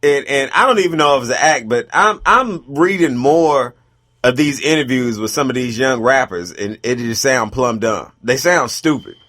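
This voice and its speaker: Relaxed man talking on a radio show. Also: mid-range voice, moderate pace. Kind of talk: casual chat.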